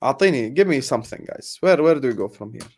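A young man chats to his audience in a loose, ranting way. He sounds sarcastic and fed up, laughs now and then, and sighs as he trails off. His voice sits in a middle pitch. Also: lively intonation, very fast, husky. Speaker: football fan vlogger. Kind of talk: casual ranting chat to viewers.

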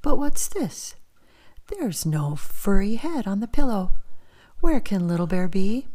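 A woman voices a big, teasing father bear in a bedtime storybook. He pretends to hunt high and low, speaking in slow, mellow, lively tones. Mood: mock-puzzled. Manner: teasing, mock-puzzled.

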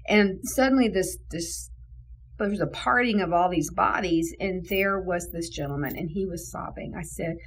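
A woman's voice: on the low side, normal speed, a little hiss or hum, low-quality recording. A woman who leads a mission, telling an earnest faith testimony with many fillers. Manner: earnest, emotional, full of fillers. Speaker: ministry leader. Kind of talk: testimony storytelling.

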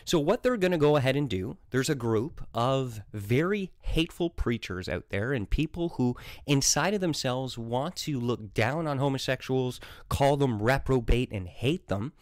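A man's voice: medium pitch, no echo. A man with a French accent, a native French speaker, delivering a heated, sarcastic monologue as a Christian vlogger. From French Canada. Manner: combative, sarcastic, scolding.

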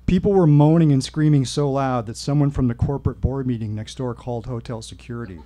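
Wry man telling a story onstage. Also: medium pitch. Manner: wry, deadpan humor. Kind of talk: personal storytelling at a live reading. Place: stage at a live show.

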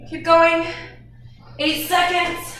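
A woman's voice: very high-pitched, completely flat delivery, drawn-out words, a bit bright, very echoey, far from the mic, rough recording. A woman fitness instructor coaching a workout, out of breath and encouraging between exercises.

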